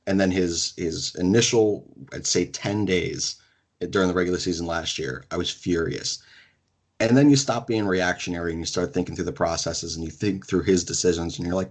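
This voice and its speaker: A young adult man hosting a podcast in casual sports chat, talking in an excited, emphatic way and swearing casually. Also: sits low, a little fast. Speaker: podcast host.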